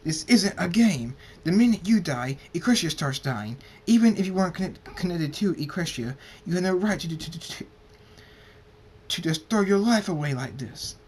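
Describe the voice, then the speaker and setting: A man's voice: medium pitch, normal speed, lightly acted. A man voicing a male pony doctor who scolds in a raised, stammering voice in a fan story reading. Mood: scolding.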